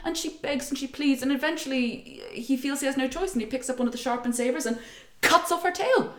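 A woman's voice: sits high, a little fast, roomy sound. A woman retelling a folk tale in casual chat, acting out voices and laughing often. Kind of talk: casual storytelling.

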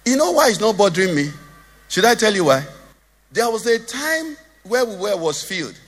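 A man's voice: high voice, big pitch swings, normal speed, fairly bright tone, long reverb tail. A Nigerian man preaching a sermon as pastor, joking and asking the congregation questions. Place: church hall.

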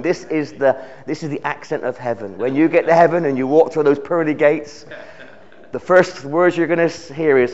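A man's voice: a little high, moderate pace, lo-fi sound. Earnest man preaching. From United Kingdom. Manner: earnest, repeats words while building phrases. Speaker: visiting preacher. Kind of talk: sermon. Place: church service.

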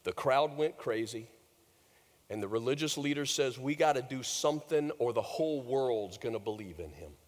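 A man preaching a sermon, telling the story with big swings from loud, lifted lines to hushed, low ones. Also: animated, normal speed, big-room sound. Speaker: pastor.

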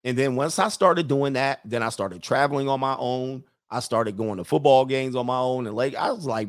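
A man's voice: mid-range voice, lively intonation, normal speed. A man hosting a show, giving a blunt, opinionated monologue to his viewers and acting out the voices of people he quotes.

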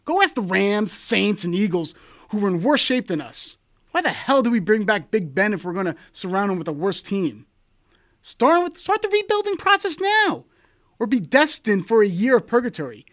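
Sarcastic, exasperated football fan, lively pitch. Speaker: sports show co-host.

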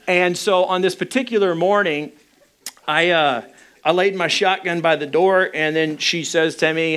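A man's voice: a little high, steady tone, normal speed, fairly bright tone, smooth. Candid storytelling male pastor. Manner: candid, self-deprecating humor. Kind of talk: storytelling sermon.

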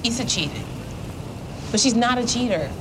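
An earnest woman, played by an actress, pleads her friend's case in a gentle, questioning voice. Her tone climbs and dips expressively. Loud engine or boat noise rumbles under the clip. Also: lively intonation, normal speed, natural voice.

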